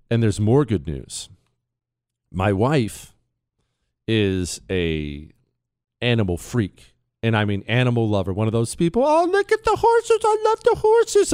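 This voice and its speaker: A man hosting a talk radio show, telling stories in a casual, animated way and laughing at his own jokes. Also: on the low side, dry recording, studio quality. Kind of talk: casual storytelling monologue. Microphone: studio mic.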